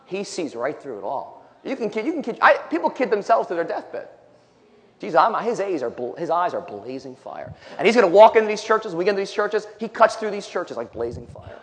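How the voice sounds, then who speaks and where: A man's voice: high-pitched, sing-song, brisk. A male preacher delivering an emphatic sermon, reading scripture aloud and commenting between the verses. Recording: long hall reverb.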